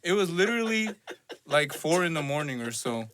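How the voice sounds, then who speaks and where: A young man with a somewhat high, bright voice recounts his story haltingly, stopping to search for street names. A faint hiss runs under his voice. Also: big pitch swings. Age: young adult. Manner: hesitant, rambling storyteller with fillers. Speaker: podcast guest. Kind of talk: casual chat.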